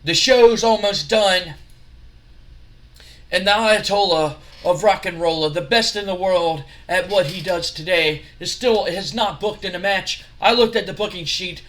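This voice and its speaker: Dude doing cocky wrestler guy, bright brash voice, bragging. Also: sits high. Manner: brash, boastful. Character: cocky loud male wrestler, arrogant boaster.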